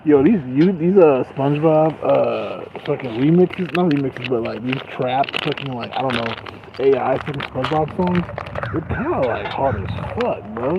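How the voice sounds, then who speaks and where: A young man livestreaming from outdoors on grass, rambling casually and cursing in frustration, his voice rising loud and dropping to mutters. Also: medium pitch, brisk, vocal fry, dull audio, background noise. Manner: profane, frustrated, swings loud and quiet.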